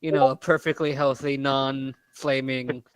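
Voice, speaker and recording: A man's voice: medium pitch, level tone, measured pace, smooth, dry recording. A man chatting casually as a player in a tabletop game, hesitant and thinking aloud.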